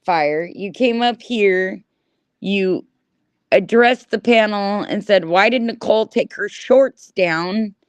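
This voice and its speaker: A woman chatting casually on a livestream, animated and swearing freely as she talks back to her chat. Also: mid-range voice, slow, smooth, no room sound. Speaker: livestream host.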